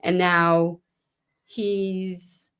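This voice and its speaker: Chatty New woman, low voice. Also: level tone, drawn-out words, fairly bright tone, smooth. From Fall River, Massachusetts. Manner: chatty, swears freely, acts out quoted dialogue; frequent "um" and "you know what I mean". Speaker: podcast guest. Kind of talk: casual storytelling.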